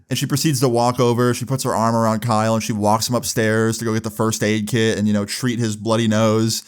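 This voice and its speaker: A man's voice: lowish voice, flat delivery, fairly quick, few pauses, clean tone. A young man telling a storytime vlog in a casual, profane way, with lots of filler words. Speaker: vlogger.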